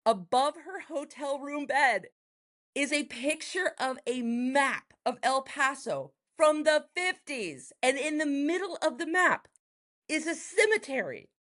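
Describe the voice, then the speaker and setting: A woman from Texas, a writer and performer, telling a personal story in an interview, acting out the voices of the people she quotes. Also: unhurried. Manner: lively, acts out quoted voices with big pitch jumps. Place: home in Los Angeles, noise next door.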